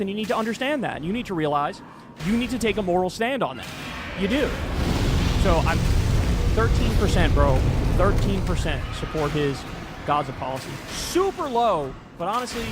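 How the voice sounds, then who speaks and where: A man's voice: high-pitched, animated, brisk. A man ranting as a political commentator, impassioned, emphatic and profane. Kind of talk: online political rant. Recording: loud background music. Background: loud music.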